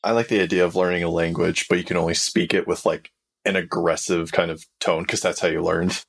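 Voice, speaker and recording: A man's voice: sits low, steady tone, a little fast, vocal fry, breathy edge. A man co-hosting a tabletop game podcast, playful, rattling off the show's plugs and links. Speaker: podcast player and co-host. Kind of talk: casual chat and show plugs.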